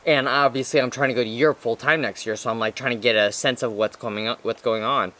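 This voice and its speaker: A man's voice: mid-range voice, fairly even intonation, fast talker, fairly bright tone. A young man, a podcast co-host, telling a story in casual chat, rambling with lots of restarts and slang. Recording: faint background noise.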